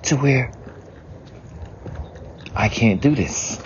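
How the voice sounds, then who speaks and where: A man speaks slowly in a raw, emotional monologue, swearing freely and often dropping to a hushed whisper. The recording sounds dull and lo-fi. There is clear noise behind him. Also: mid-range voice. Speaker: speaker venting about family.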